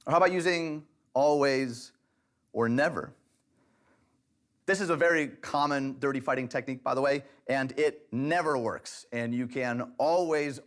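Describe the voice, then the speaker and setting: A man of middle pitch teaches a church relationship session on camera. His delivery is direct and conversational, with a wry, light humor woven in. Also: a little slow, a bit bright. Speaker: pastor teaching a relationship class.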